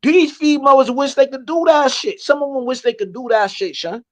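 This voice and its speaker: A man's voice: very high-pitched, fairly quick. A man on a live online panel, joking and boasting with stammering restarts. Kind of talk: casual chat.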